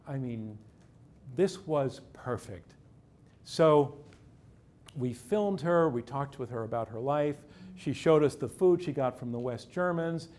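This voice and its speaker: Telling a true story about himself on stage, a journalist uses a mid-range, expressive, slightly mellow voice. He paces it deliberately, with dramatic pauses and dry irony.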